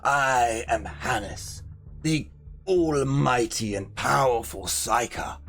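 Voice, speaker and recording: A man voicing a pompous, self-proclaimed almighty male psychic who speaks slowly and grandly, flirting. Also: medium pitch, a bit bright, soft background music. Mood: grandiose.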